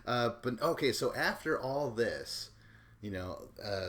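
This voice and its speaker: Low-voiced man rambling through a podcast recap. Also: fairly quick, a bit bright. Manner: rambling and offhand, swears casually. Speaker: podcast host. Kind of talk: casual recap commentary.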